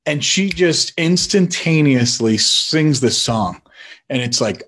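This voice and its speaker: A man, a father, telling family stories in an animated way and acting out what his family members said. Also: medium pitch, moderate pace, breathy edge. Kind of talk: personal storytelling.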